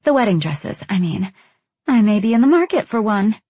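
A woman's voice: medium pitch, sing-song, normal speed, mellow, slightly rough, no room sound, voice pushed up. A woman voicing a tall, rich young woman with a sweet Valley Girl voice, teasing and baiting in an audiobook.

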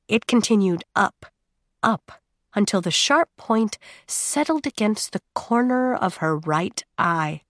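A woman giving dramatic audiobook narration in a steady, measured way with drawn-out pauses. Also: medium pitch, no echo, studio quality.

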